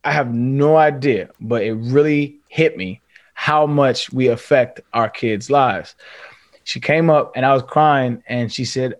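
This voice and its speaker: A man's voice: medium pitch, measured pace, no echo. A man speaking as a podcast guest, earnest and reflective, often restarting his sentences in candid casual conversation. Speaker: podcast guest, former pro football player.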